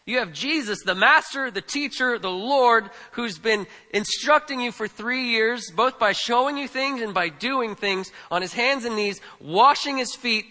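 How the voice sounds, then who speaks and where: A man's voice: very high voice, unhurried, hardly any pauses, sharp tone. A man preaching a sermon in a conversational, emphatic way, repeating words and asking the crowd "right?". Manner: conversational, emphatic, with frequent repetitions and tag questions. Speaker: pastor. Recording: long hall reverb.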